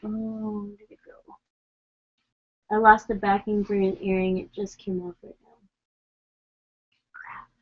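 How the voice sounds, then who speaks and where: A woman's voice: medium pitch, little pitch movement, unhurried, long pauses, muffled recording. A woman vlogger chatting casually about her dolls as she works on them, rambling with plenty of fillers. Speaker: doll collector vlogger. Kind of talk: casual chat while working.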